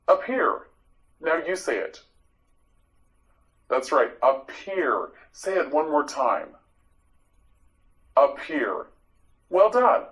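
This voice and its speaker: A man teaching English vocabulary to learners, repeating each word clearly and praising patiently. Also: on the high side, a bit bright, low-quality recording. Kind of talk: vocabulary drill lesson for learners.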